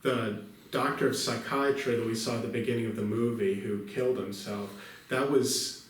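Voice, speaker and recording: A man co-hosting a podcast, explaining a film in a measured, thoughtful way. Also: fairly low pitch, steady tone, heavy reverb, recorded from a distance. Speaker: podcast co-host. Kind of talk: casual film review chat.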